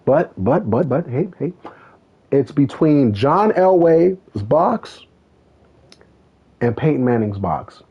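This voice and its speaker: A man's voice: mid-range voice, very animated, slow, slightly rough. A man streaming a racing game, chatting casually and telling a rambling story with lots of swearing. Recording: tinny phone-like sound.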